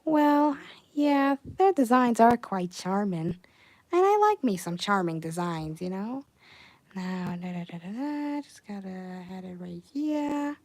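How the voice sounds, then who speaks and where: A young woman chatting casually on a livestream while she animates, reading chat messages aloud and breaking into excited outbursts. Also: mid-range voice, unhurried, no room sound.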